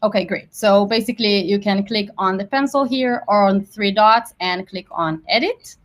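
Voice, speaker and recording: A woman's voice: medium pitch, normal speed. A woman hosting a live online workshop over a video call, welcoming the audience in a friendly way. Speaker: product marketing manager, webinar host.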